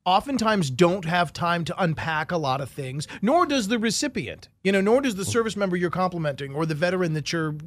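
A man's voice: high voice, big pitch swings, fairly quick, hardly any pauses, a bit bright, no room sound. A man hosting a casual interview, asking long, conversational questions full of fillers. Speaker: podcast host interviewer.

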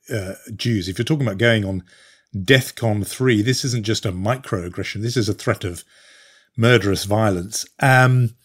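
A British man hosting a news podcast, talking things through thoughtfully with frequent fillers and restarts. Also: medium pitch. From Britain. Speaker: podcast host. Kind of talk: conversational news discussion.

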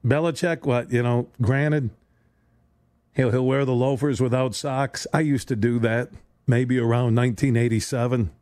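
The sports radio host here talks at a moderate pace, his medium-pitched, darkish voice fairly even in intonation. His solo monologue wanders, leans sarcastic, and stumbles through restarts, captured on a studio mic with no echo.

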